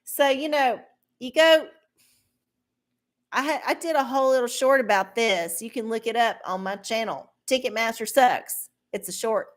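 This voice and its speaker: A woman's voice: a little high, moderate pace. A woman hosting a live stream of oracle card readings, chatting casually with viewers in a rambling, profane way. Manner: profane, rambling, laughs often. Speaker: livestream host giving oracle card readings.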